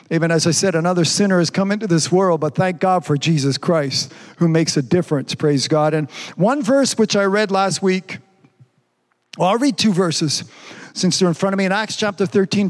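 A pastor preaching a sermon, fervent and repetitive, peppering his talk with "praise God" and "amen.". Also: high-pitched. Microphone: streamed online service.

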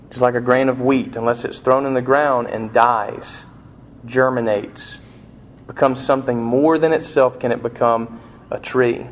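A man's voice: mid-range voice, steady tone, moderate pace, slight background noise. A man preaching a sermon in a folksy, conversational storytelling manner. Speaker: pastor.

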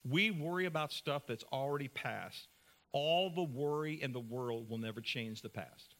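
A man preaching a sermon as pastor, earnest, moving between brisk talk and slow, soft passages. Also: medium pitch.

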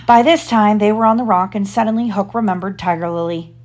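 A woman reading a storybook aloud to her child, expressive, pausing to ask gentle questions. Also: medium pitch.

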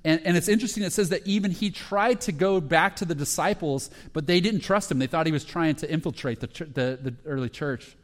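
A man preaching a sermon as a pastor, retelling a story with lively quoted voices. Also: on the high side, brisk, few pauses. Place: church sanctuary. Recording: long reverb of a hall.

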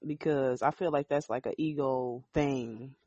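A woman's voice: a bass voice, steady tone, a little slow, mellow, no echo. A woman co-hosting a podcast, talking in a blunt, emphatic casual chat and swearing freely. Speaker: podcast co-host. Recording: dull lo-fi sound.

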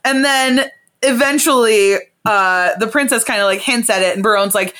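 Bright-voiced young woman, casual. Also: mid-range voice, fairly quick. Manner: swearing, animated play-by-play with put-on voices for characters. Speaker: podcast co-host. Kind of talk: casual chat, retelling a play.

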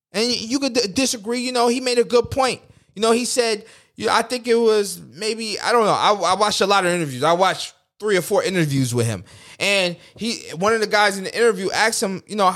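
A man's voice: sits high, animated, brisk, a bit bright. A man, hosting a podcast in a blunt, profane, rambling rant. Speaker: podcast host. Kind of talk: casual political rant.

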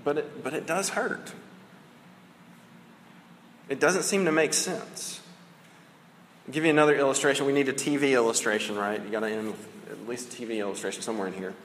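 A man preaching a sermon in a casual, conversational way. He often tags his points with "right?" and slows down to stress key phrases. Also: mid-range voice, fairly bright tone, slight background noise. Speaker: pastor. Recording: long hall reverb with faint ambience.

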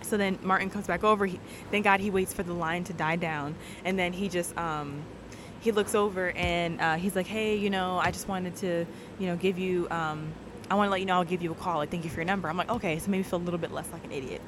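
A woman talks quickly and casually, telling a story as a guest. She is animated and jumps into the voices of her own thoughts and the people she quotes. A steady rumble sits under the recording.

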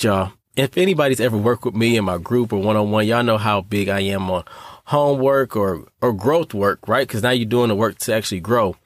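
A man's voice: medium pitch, no echo. A man hosting a motivational podcast, talking earnestly and directly to his listeners and calling them y'all. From North Carolina. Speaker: podcast host.

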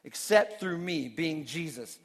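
Man, pastor, sermon, conversational, repeats words, high voice, long hall reverb. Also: animated, a little slow. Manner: conversational, repeats words when stressing a point.

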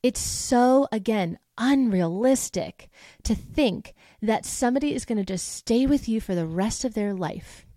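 A woman's voice: a little high, expressive, a little slow, mellow, dry recording. Upbeat motivational woman, dry close voice. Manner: upbeat, motivational, acts out quoted thoughts. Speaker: podcast host and voice teacher. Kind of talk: casual solo podcast talk.

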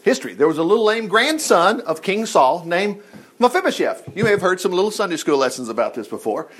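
A man's voice: high-pitched, sing-song, brisk, a bit bright. A man teaching a Bible lesson in a casual, folksy way, full of asides and rhetorical questions.

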